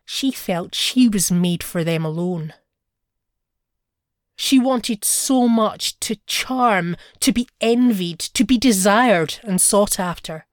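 A woman narrates a short story in a measured, expressive storytelling voice. Her pitch sits in the middle range, and the sound is dry and close, with no echo around it.

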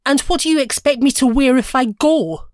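Woman doing a vain unhappy young wife, whiny and higher pitched, dry close sound. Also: a little slow, darkish tone, dry recording, close to an everyday voice. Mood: resentful.

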